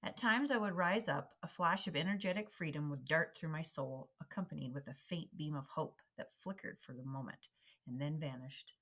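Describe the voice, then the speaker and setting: Woman reader, low voice, measured and expressive delivery of a historical memoir. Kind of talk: reading a historical memoir aloud.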